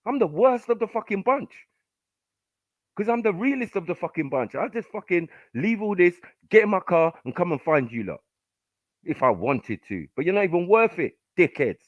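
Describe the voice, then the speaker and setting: Furious profane man, high-pitched. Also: very animated, moderate pace, dry recording. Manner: aggressive, profane, shouting down callers. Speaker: podcast host. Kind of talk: heated live panel argument. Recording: dull lo-fi stream audio.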